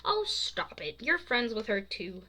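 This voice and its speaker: A sarcastic, easily annoyed teenage girl who scolds her goofy friend with a raised, exasperated voice, as an author reads her story aloud. She sounds bright and sharp with him. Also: fairly high pitch, sing-song, unhurried, exaggerated voice. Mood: teasing. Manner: teasing, exasperated.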